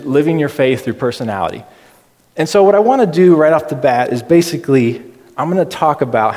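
A man giving a casual, chatty sermon in a low-key, self-deprecating way. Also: a little mellow. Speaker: preacher. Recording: reverberant hall.

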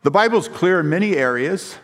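Speaking briskly in a high, expressive voice, a male pastor preaches in a church sanctuary whose long reverb carries through the hall. He's emphatic, weaving in stories and throwing rhetorical questions at the congregation.

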